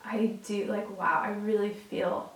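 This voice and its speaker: A woman's voice: mid-range voice, fairly even intonation, unhurried, far from the mic. A woman giving a casual, heartfelt tarot reading straight to her viewers, earnest and at times emotional, swearing now and then. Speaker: tarot reader. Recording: roomy and off-mic.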